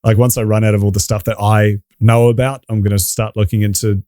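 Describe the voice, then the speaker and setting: A man's voice: lowish voice, level tone, fairly quick, dark tone, smooth, dry recording. Guest, New Zealand man, rambling casual talker, dry close sound. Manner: sweary, rambling, laughs often. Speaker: podcast guest. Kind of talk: casual chat.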